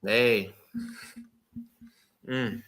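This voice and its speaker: An American man co-hosting a casual wrestling podcast, teasing and doubtful, jumping up in pitch when he jokes. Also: steady tone, extremely slow, fairly bright tone. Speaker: podcast co-host. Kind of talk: casual chat.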